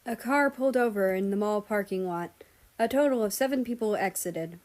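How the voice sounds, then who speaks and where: A woman narrating a fan fiction audiobook in a steady, even way. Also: medium pitch, fairly quick. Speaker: story reader.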